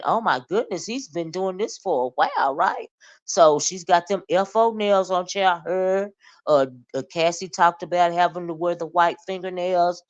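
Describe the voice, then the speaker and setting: A woman hosting casual gossip commentary, chatty and animated, often calling the listener "child" and "honey". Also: sits low, dull audio. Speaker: commentary vlogger.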